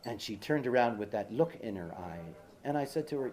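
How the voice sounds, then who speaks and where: A man of medium pitch speaking at a talk in a loose, conversational lecturing style. He drifts into asides and fillers, then presses a point home by repeating it. The delivery sounds personal and unscripted. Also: animated, fairly quick, few pauses, a little mellow. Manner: emphatic, repeats key words for stress. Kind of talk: informal lecture with personal anecdote.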